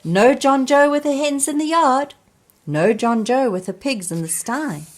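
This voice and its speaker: A woman reading a children's storybook aloud, slowly and expressively, speaking to young listeners. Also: high voice. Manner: slow, expressive, addressing children. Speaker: storybook reader.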